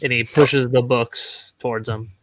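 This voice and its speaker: A man's voice: mid-range voice, fairly even intonation, unhurried, fairly bright tone, no echo. A man playing a tabletop role-playing game, speaking politely and formally as his character. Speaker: player.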